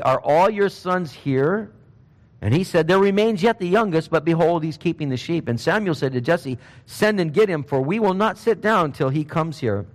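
Male preacher, higher voice, animated storyteller, reverberant hall sound. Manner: animated storytelling, acting out Bible figures in casual speech. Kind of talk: sermon.

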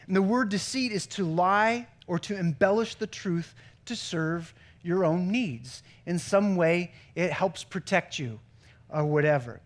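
A man with a high voice preaching a sermon. He talks conversationally, slipping in jokes and stories between his points. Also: a little slow. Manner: conversational preaching with joke-telling asides. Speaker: pastor.

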